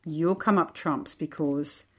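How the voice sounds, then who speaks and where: A woman with a slightly low voice talks through cards one by one in a gentle, reflective way. She muses aloud, chatty and unhurried, as if sharing with a friend. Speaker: oracle deck creator. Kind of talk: casual walk-through of oracle cards.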